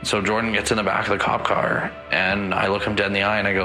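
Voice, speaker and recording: A man's voice: on the low side, level tone, quick pace, hardly any pauses, bright, forceful tone, soft background music. A young man, son of the victims, giving an emotional first-person account and acting out what each person said. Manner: retells events by acting out quoted dialogue.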